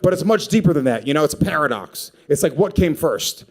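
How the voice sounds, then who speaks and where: A man doing a stand-up comedy set, brash and profane with a deadpan edge. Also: a little high, fairly quick, breathy edge. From Puerto Rico. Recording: live club set with a laughing crowd. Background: audience laughter.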